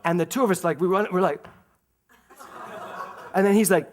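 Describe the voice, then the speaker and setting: Animated male minister telling stories. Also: high voice. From Philadelphia, USA. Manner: animated storyteller, laughs through anecdotes, slows to calm spiritual emphasis. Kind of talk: sermon with personal storytelling.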